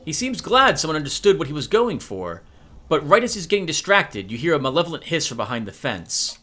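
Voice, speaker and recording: Lively guy reading a game's narration out loud, bright voice, lots of up and down. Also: fairly high pitch, a little fast. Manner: lively, reads narration and picks choices aloud. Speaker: let's-play host. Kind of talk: reading a video game aloud.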